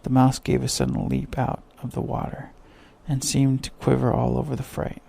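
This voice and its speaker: A man reads a bedtime sleep story in a slow, soft manner. His voice is deeply gravelly and mellow, with a husky texture. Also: completely flat delivery. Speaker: narrator.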